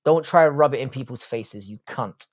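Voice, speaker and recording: A man with a medium-pitched voice talks at a moderate pace as a panelist on a casual livestream. Irish by background and raised in southwest London, he reads questions from chat aloud, then answers them bluntly and with plenty of swearing.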